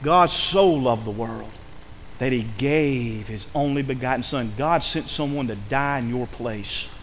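A man's voice: medium pitch, a little slow, slight background noise. A male pastor preaching a fervent sermon in a church, swelling into impassioned calls to the congregation. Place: church sanctuary. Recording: reverberant church hall.

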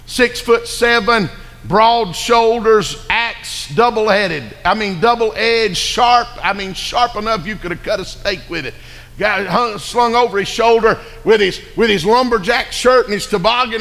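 A man preaching with a bright, high voice. He tells the story folksy and vivid and keeps calling for amens. The sound carries long hall reverb. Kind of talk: sermon.

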